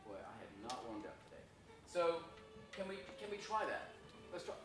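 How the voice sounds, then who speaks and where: A man coaches a school orchestra, speaking frankly and teasing himself, and sometimes sings a phrase to demonstrate. His voice sits a little high. He was recorded from across a big echoing room, with a lot of background noise. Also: very animated, normal speed, over loud music. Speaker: visiting violinist teaching a masterclass. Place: school rehearsal room, echoey. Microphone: recorded from afar by a room camera. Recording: echoey room, distant, noisy.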